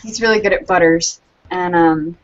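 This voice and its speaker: A woman's voice: fairly low pitch, normal speed. A woman guest artist in casual podcast chat, giggly and self-conscious. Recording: lo-fi, muffled.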